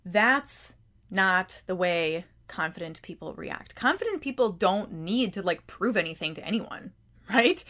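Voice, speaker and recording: Woman podcast host, mid pitch, chatty self-help talk, pushes with pointed questions, trips over repeated words. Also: lively intonation, measured pace, pushed and bright. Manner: emphatic, challenging rhetorical questions; conversational, frequent word repeats.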